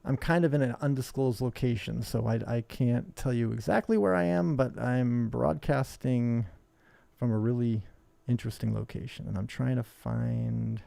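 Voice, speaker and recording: A man's voice: mid-range voice, moderate pace, gravelly, mellow, dry recording. A man who owns a hobby shop, talking bluntly and combatively in a rambling live stream. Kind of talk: live-streamed casual talk.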